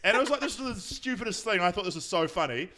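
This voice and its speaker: Comedian guest with a New Zealand accent: quick, higher-pitched, animated anecdotes. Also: male voice, slight background noise. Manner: rambling anecdotes with mocking quoted voices. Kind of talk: casual chat, storytelling.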